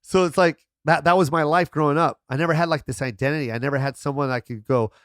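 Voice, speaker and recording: An animated middle-aged man chatting on a podcast, acting out every voice in his stories. His voice sits a little high for a man. The sound is close and dry, with no room around it. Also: fast talker, dry recording. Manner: animated storyteller, acts out quotes, swears freely. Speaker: guest comedian. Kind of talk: casual podcast chat.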